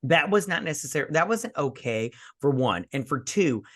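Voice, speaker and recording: Tipsy male co-host, crude and rambling, lively pitch swings. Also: moderate pace. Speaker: podcast co-host. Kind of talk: casual drunk movie review chat.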